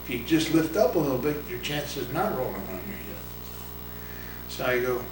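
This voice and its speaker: An older man, a retired pitcher and coach, telling rambling stories in a casual interview, chuckling and acting out the voices of others. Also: animated, normal speed. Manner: rambling anecdotes, acts out voices, chuckles often. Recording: roomy, distant mic, noisy ambience.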